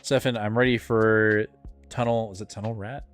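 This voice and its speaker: A man with a lowish voice rambles excitedly through a casual live-stream chat. He co-hosts a comic book show and drops filler words and casual swearing as he goes. Faint music plays behind him. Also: moderate pace.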